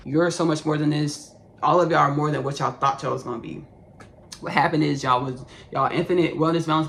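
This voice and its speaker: A man's voice: on the high side, vocal fry, sharp tone, slight background noise. A man in his thirties from Austin with a Texan country accent, rambling effusively through a spiritual podcast monologue, calling listeners "baby" and "y'all". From Austin, Texas. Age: 30s. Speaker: podcast host.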